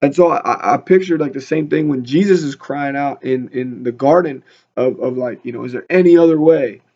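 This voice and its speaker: A man leads a casual Bible study, reading scripture aloud and then riffing on it with chatty humor. He has a mid-range, darkish voice at a moderate pace, and the recording is dull and lo-fi.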